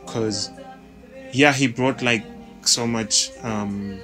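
A man's voice: medium pitch, fairly even intonation, drawn-out words, bright, forceful tone, soft background music. A man in an interview, talking loosely about recording sessions and leaning on "you know" fillers. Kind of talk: reflective interview talk.

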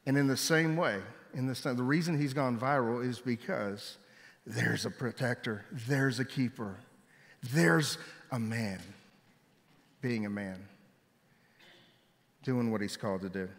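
A man preaching a sermon, telling stories with lively delivery and raising his voice when he quotes people. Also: medium pitch, a little slow, creaky, pauses often, slight background noise. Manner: animated storytelling, voice jumping up for quoted shouts. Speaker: pastor. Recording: long hall reverb.

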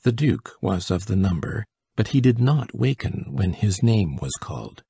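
A man narrating a classic short story as an audiobook reader, steady and measured, with a gravelly, husky voice. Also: on the low side, no echo, studio quality. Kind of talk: scripted narration.

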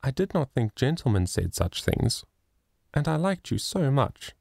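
A man voicing a poor, timid little flower girl who speaks softly and sorrowfully in an audiobook. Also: mid-range voice, very animated, moderate pace, creaky, no echo, studio quality, voice pushed up.

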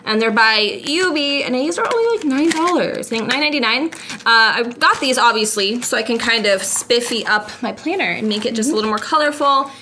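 Chatty vlogger lady rambling at home into her camera, kinda high, giggly. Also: animated, brisk, bright, forceful tone, a little hiss or hum. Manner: giggly, rambling, lots of "like" and "I don't know". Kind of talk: casual chatty vlog. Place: at home, putting away groceries. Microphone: handheld vlog camera.

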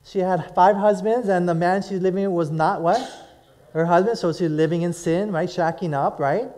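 A man from Hawaii with a notably high-pitched voice delivers a sermon. He talks in an easy, conversational style, keeps asking his listeners questions, and leans on "right?" to hold them with him. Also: normal speed, a little mellow. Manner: conversational preaching, asks the audience questions. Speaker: pastor.

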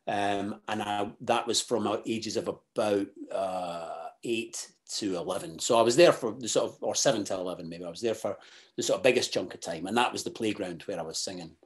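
A Scottish man talking as a podcast guest, halting and full of restarts, then bursting into animated, sweary asides. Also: fairly low pitch. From Scotland. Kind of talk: casual interview chat.

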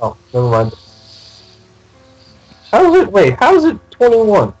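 A man playing a tabletop game, chatting casually and quick to correct the others on the rules. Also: high-pitched, huge pitch swings, a little mellow, lo-fi sound, soft background music. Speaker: player.

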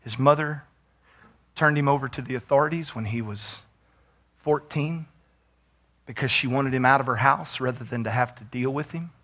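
A man preaching a sermon as pastor, moving from quiet storytelling to shouted exhortation. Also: mid-range voice, normal speed, pauses often.

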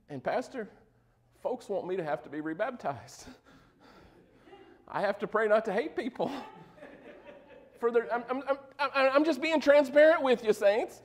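High-voiced man preaching a sermon. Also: lively intonation, a little slow, long pauses. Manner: conversational preaching, asks the congregation for replies; joking asides. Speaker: pastor.

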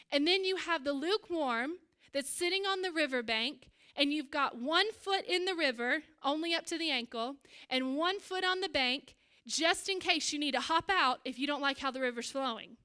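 A middle-aged woman preaches a sermon from a church stage. She tells stories with animation and energy. Her voice sits high and sounds bright and forward. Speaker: pastor.

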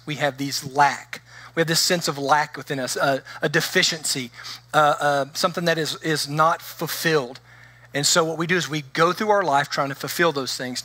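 A man's voice: a little high, bright, forceful tone, no room sound. A man preaching a conversational sermon as pastor, often acting out the voices of the people he quotes.

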